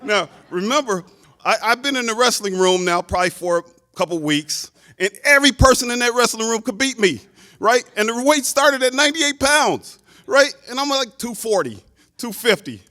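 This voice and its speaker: A man in his fifties, a hall of fame inductee, telling a lively story in a speech, full of asides. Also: very high-pitched, moderate pace. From Chicago, United States.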